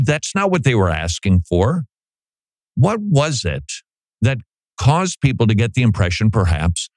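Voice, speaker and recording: Brief: middle-aged male talk host, lower voice, lively up-and-down delivery, dry studio sound. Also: no echo. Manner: animated, conversational, mock voices for emphasis. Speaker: Christian radio host. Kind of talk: opinion talk monologue.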